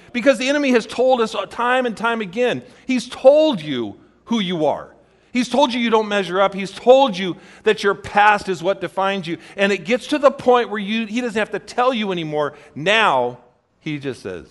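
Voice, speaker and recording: A man preaching a sermon in a direct, conversational way, telling stories and acting out the quoted voices. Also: fairly bright tone. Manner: storytelling, acts out quoted voices with big shifts in pitch and volume. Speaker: pastor.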